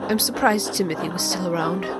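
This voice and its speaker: A woman voicing a gentle, devoted female train engine in a fan audio drama, speaking earnestly and with feeling. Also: lowish voice, fast, natural voice. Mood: reflective. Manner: earnest and heartfelt, emotional. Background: music.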